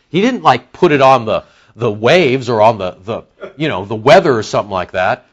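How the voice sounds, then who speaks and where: A pastor preaches in a church, his voice swinging up and down with lively emphasis. He builds to loud peaks on key words and then sinks low and soft. The recording is dull and lo-fi. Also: fairly quick. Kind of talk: sermon. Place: church sanctuary.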